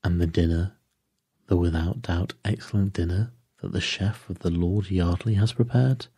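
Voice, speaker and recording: A man voicing a fussy, dapper middle-aged detective in an audiobook, speaking precisely with sudden high exclamations. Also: fairly even intonation, normal speed, mellow, husky, no room sound, clean studio sound. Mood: fussy, animated. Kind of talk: audiobook character voice.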